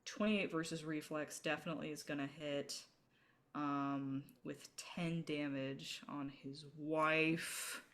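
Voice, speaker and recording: A woman running a tabletop game as game master, casual and laughing often, ruling on actions with many hesitant pauses. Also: low voice, fairly even intonation, a bit bright, slight background noise.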